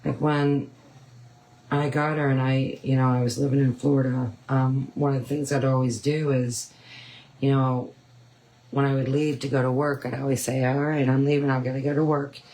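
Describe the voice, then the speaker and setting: A woman's voice: a bass voice, level tone, normal speed, mellow, rough recording. A woman hosting a painting tutorial, chatting casually and rambling with frequent ums. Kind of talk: casual chat while painting.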